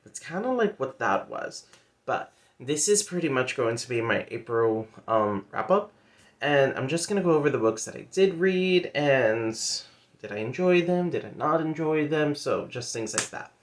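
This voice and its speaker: Speaking at a moderate pace in an expressive mid-range voice, a man retells a story for his book vlog's casual monthly reading wrap-up. His talk is loose and chatty, with playful asides and many fillers like "like" and "pretty much."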